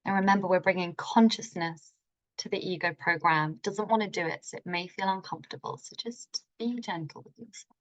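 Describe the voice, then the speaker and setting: With a lowish voice and a brisk pace, a woman teaches a live online healing masterclass. She's enthusiastic and informal, sprinkling in playful turns of phrase.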